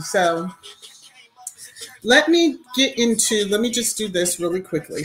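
A woman talks casually to her live viewers, calling out names and leaning hard into her points. Her voice sits in a middle pitch. Soft music plays faintly underneath. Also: lively intonation, unhurried, pauses often, poor audio. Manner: greets chat viewers by name, chatty and emphatic. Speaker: YouTube livestream host. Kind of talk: casual live-chat commentary.

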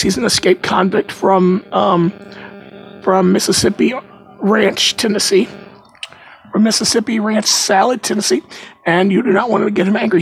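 A man's voice: high-pitched, vocal fry, slightly rough, dry recording. A young man giving goofy, rambling gameplay commentary, stammering and repeating himself, recorded on a phone mic. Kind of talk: playful let's-play commentary. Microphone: phone mic from screen recording.

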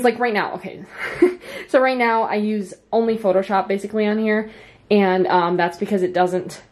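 A woman's voice: mid-range voice, a little mellow. A young woman in her twenties chatting casually to camera in a home vlog, rambling with lots of ums and little laughs. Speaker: vlogger. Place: home office.

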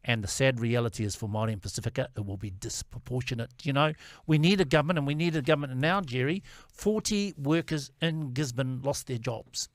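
A man's voice: medium pitch, fairly quick, few pauses, no room sound, studio quality. A man on a political panel, earnest and repeating himself as he makes a point.

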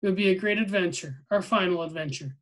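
A man's voice: sits high, fast, a bit bright, low-quality recording. A man reading a novel aloud, voicing a curious, well-meaning young boy with eager, earnest questions in a near-plain voice.

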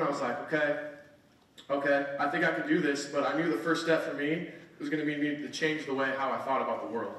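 A man's voice: on the high side, fairly quick, a bit bright. A man in his twenties giving a motivational speech at a conference, telling his story earnestly and often asking "right?". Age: 20s. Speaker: motivational speaker. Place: conference hall. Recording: echoey hall, mic at a distance.

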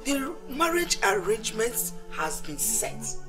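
Protective, hot-tempered Nigerian mother; high, lively, scolding; score underneath. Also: slow pace. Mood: worried. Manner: scolding, exclamatory. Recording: film scene with music score.

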